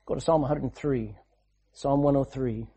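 Male preacher, mid-range pitch, dark mellow tone, dramatic sermon delivery with repeated phrases. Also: moderate pace, breathy edge. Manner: dramatic swings between loud and hushed delivery.

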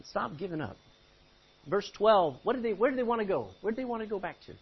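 Male pastor, sermon, husky delivery, lively swings in pitch, muffled lo-fi sound. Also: fast. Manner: reads scripture then preaches with sudden loud outbursts. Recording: muffled lo-fi recording.

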